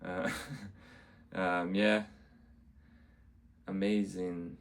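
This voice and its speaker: A man's voice: low voice, little pitch movement, takes it slowly, pauses often. A man who does stand-up comedy, casually recapping his week in a rambling way and repeating himself often. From Canada. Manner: rambling, repeats "amazing", acts out quotes.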